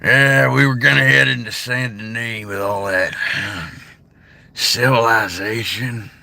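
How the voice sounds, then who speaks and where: A man playing a weary outlaw cowboy who talks in a gruff drawl. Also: mid-range voice, steady tone, measured pace, sharp tone, no room sound, pitched above the performer's own voice, exaggerated voice.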